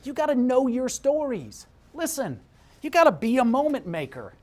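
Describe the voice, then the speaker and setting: Middle-aged guy telling a story on stage, voice jumps all over, kinda husky, acts out everybody. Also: extremely high pitch, normal speed. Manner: animated, acts out quoted voices, swings from hushed to shouting. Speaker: motivational speaker. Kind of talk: energetic storytelling speech.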